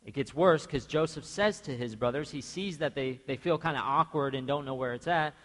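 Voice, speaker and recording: A man's voice: mid-range voice, a little fast. A young man preaching a sermon to his church in a chatty, questioning way, acting out quoted voices as he tells stories. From grew up in a half-Mexican household. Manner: conversational, asks the congregation questions; animated storytelling, acts out quoted voices. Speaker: pastor. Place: church sanctuary. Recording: long church reverb.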